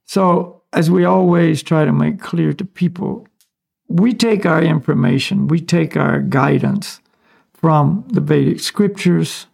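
A man from the United States, a spiritual teacher, explaining ideas in a relaxed, casual conversational way with small chuckles. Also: fairly high pitch, takes it slowly, vocal fry, husky.

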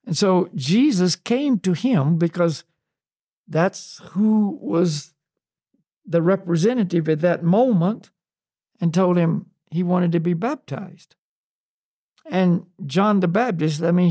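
Guy on a faith podcast, slow and searching, lots of you knows, voice kinda high. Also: animated, mellow, no room sound, studio quality. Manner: slow, searching, many "you know" and restarts. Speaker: podcast co-host on spiritual topics. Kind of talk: unscripted spiritual discussion.

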